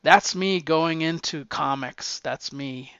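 A man's voice: a little high, takes it slowly, a bit bright, clean tone, no echo, muffled recording. A man casually rambling through his recent comic book reads, enthusiastic and full of restarts.

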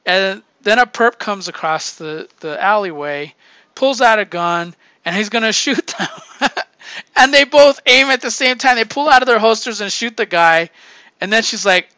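A man's voice: high-pitched, animated, normal speed, pushed and bright, clean tone, no room sound. A man hosting a casual comic book review, retelling plots with lots of swearing and laughter. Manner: profane, laughing storyteller. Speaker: podcast host reviewing comics.

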